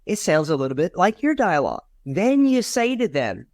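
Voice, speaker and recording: A man's voice: normal speed, few pauses, no room sound, clean studio sound. A man from Virginia, a real estate agent guest on a podcast, telling stories and acting out the dialogue in them. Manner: animated, acts out dialogue with big pitch jumps. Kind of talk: conversational storytelling.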